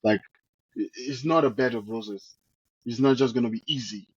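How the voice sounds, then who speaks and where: A man's voice: medium pitch, normal speed, husky, lo-fi sound. A man hosting an interview, summarizing and affirming his guest's points with some hesitations. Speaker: podcast host. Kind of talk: podcast interview.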